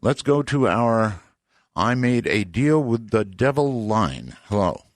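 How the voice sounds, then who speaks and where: A man's voice: fairly low pitch, sing-song, slow pace, dry recording. An older man hosting late-night call-in radio, with dry, wry asides. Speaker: radio talk show host. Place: radio studio. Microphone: studio microphone.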